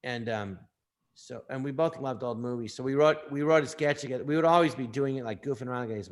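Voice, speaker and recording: A man, an actor and comedian, telling anecdotes in a casual interview, lively and quick to slip into impressions of the people he quotes. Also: medium pitch.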